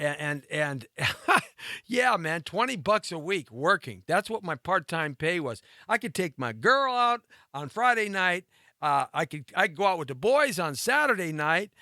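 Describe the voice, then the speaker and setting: A talk show host in his fifties rambles through a personal story with animated, laughing asides. His voice sits fairly high and swoops widely across phrases. The sound is close and dry. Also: dry recording. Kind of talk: storytelling monologue.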